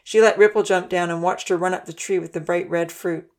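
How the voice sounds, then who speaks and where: A woman reads a children's storybook aloud with a gentle, steady manner. Her voice sits on the low side. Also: a little fast. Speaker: narrator. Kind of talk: storybook narration.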